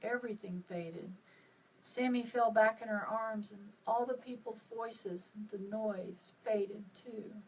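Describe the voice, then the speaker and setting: A woman's voice: mid-range voice, slow pace, husky, distant mic, low-quality recording. Author reading her novel aloud, a bit off-mic. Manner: expressive reading with dramatic dips and rises. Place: at home on a live video stream.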